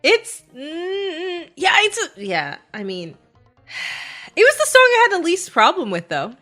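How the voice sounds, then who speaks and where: A woman co-hosting a podcast in casual chat, playful and quick to laugh. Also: very high voice, huge pitch swings, bright, forceful tone, faint music behind. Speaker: podcast co-host.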